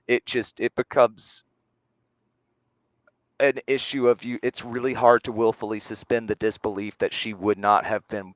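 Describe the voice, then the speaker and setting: A man co-hosting a casual show review, speaking in a measured, analytical way with frequent restarts. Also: lowish voice, flat delivery, no echo, dull audio. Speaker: podcast co-host.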